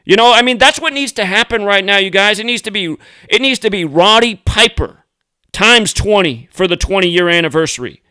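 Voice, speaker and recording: A man's voice: sits high, lively intonation, normal speed, sharp tone, clear, resonant tone, no room sound. A man from the United States hosting a video commentary, ranting in a heated, combative and profane way. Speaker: host.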